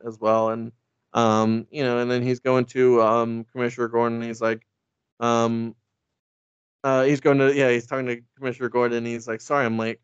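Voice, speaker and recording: A man's voice: medium pitch, clean tone, dry recording. A man casually recapping a story as a podcast co-host, rambling, cursing and saying "like" a lot. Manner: rambling, profane, full of "like". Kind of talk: casual chat. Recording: dry, slightly dull recording.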